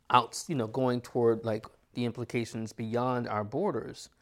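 A man from the United States talks things over in an easy, conversational way. He muses and poses rhetorical questions as he works through his points, with a voice that sits in a middle register. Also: medium pitch. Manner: reflective, asks many rhetorical questions. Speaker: astrologer. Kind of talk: casual conversation.

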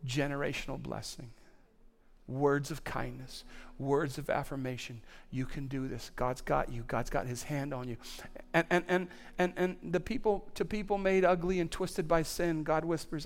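A man preaching a sermon as pastor, building his points through repetition until he is nearly shouting. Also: on the high side, fairly even intonation, normal speed. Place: church auditorium on stage.

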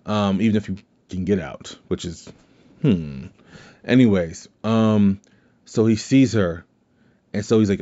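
A man with a lowish voice recaps a movie in a loose, rambling way, dropping in quoted lines as he goes. The recording sounds dull and lo-fi. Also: normal speed, a little mellow. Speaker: podcast host.

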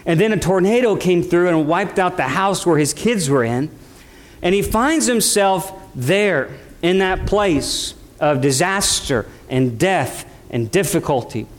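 A man preaching a sermon with passion, moving from hushed low passages to rising emphatic peaks, with casual conversational asides. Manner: impassioned, swings between quiet lows and rising emphatic peaks.

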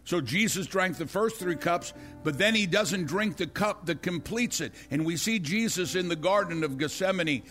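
High-voiced impassioned older preacher man. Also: lively intonation, normal speed, few pauses, a bit bright, soft background music. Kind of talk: sermon.

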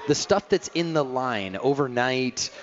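A man's voice: mid-range voice, animated, a little slow, muffled recording. A man co-hosting a radio talk show, asking curious questions and bantering.

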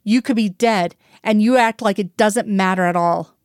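A woman's voice: medium pitch, moderate pace, no echo, studio quality, lightly acted. A woman reading the lines of a male FBI agent who talks in tense, clipped bursts of anger. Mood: angry. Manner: tense, clipped, sharp outbursts.

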